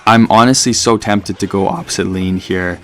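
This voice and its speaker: A man giving casual, excitable live commentary over his own gameplay as a gaming channel host. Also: on the low side, normal speed. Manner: casual, chatty, excitable, fillers and "dude".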